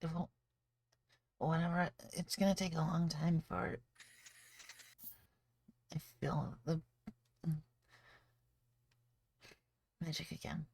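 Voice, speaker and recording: A woman playing a tabletop game who speaks softly in a halting, hesitant way. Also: sits low, flat delivery, gravelly, breathy edge. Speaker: player. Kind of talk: casual tabletop game chat.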